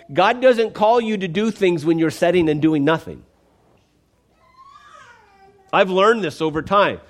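A man preaching a conversational, emphatic sermon, often checking in with the congregation. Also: sits high.

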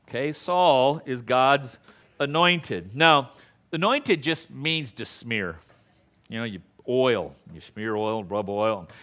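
Lively-voiced man teaching a sermon. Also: high-pitched. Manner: conversational teaching, asks the congregation questions. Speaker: pastor.

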